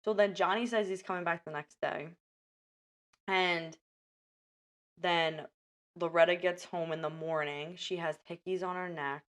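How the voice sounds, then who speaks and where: A young woman hosts a casual podcast chat with a voice that sits a touch low. She retells film scenes with animated energy and quotes the characters as she goes. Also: a little slow, pauses often. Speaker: podcast host.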